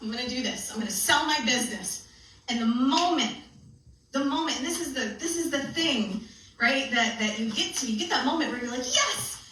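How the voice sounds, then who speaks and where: A woman giving a playful, animated comedic talk at a live event, laughing often as she tells her story. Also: sits high, fairly quick. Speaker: spiritual comedian and speaker. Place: live benefit event hall. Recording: echoey hall, mic from a distance, faint noise.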